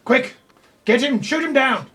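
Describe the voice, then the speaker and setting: A man's voice: medium pitch, fast, a little mellow, distant mic, close to an everyday voice. A man voicing an official who urgently orders guards to shoot down an intruder.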